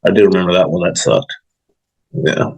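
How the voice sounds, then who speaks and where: Gravelly, husky low-voiced man. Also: steady tone, normal speed, darkish tone, low-quality recording. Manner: blunt, frequent swearing. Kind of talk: casual chat.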